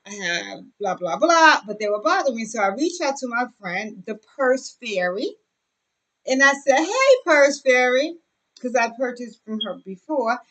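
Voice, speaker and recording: A young adult woman with a fairly high voice chats straight to camera. She is effusive and loose, full of fillers and little asides. She sounds relaxed and friendly as she shows off a bag. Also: normal speed, rough recording. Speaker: vlogger. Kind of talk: casual show-and-tell chat.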